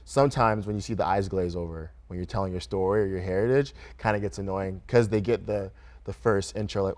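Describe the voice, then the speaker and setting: A man's voice: low voice, quick pace, a little mellow. A young man from Michigan being interviewed in a studio, speaking in an easygoing way, often laughing and tagging his sentences with "right?". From Grand Rapids, Michigan, USA. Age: young adult. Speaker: guest, restaurant owner. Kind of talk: relaxed interview conversation. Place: radio studio.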